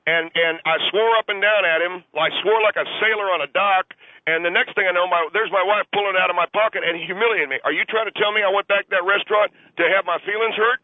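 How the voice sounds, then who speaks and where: A man's voice: high-pitched, fast talker, dry recording. A man calling a radio show from a moving car, indignant and stammering as he rambles on. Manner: indignant, stammering, long-winded. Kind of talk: call-in radio interview. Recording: tinny phone line with road noise.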